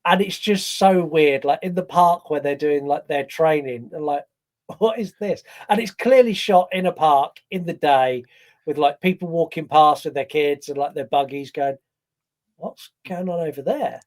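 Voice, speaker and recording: A man's voice: fairly high pitch, normal speed. A man co-hosting a podcast, chatting casually about a film and acting out its scenes. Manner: animated, acts out scenes in quoted voices. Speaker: podcast co-host. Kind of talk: casual film review chat.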